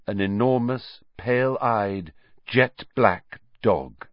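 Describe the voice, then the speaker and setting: A man narrating an audiobook in an expressive, dramatic storytelling manner. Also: lowish voice, drawn-out words, no echo. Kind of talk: scripted narration. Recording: dry, slightly dull lo-fi audio.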